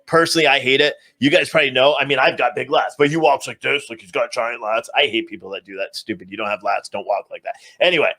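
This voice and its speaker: A man's voice: medium pitch, fast, few pauses, pushed and bright. A man live-streaming, giving a sarcastic, ranting commentary recap to his viewers. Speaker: livestream commentator.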